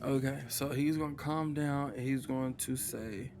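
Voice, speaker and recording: A man's voice: medium pitch, fairly even intonation, unhurried, noisy background. A man, narrating a tabletop game as game master in a casual way, sighing and muttering to himself.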